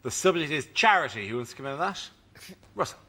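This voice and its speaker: A man hosting a comedy panel show, announcing rounds and calling on panelists briskly. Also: a little high, lively intonation, sharp tone, slightly rough. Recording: noisy studio with audience. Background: studio audience.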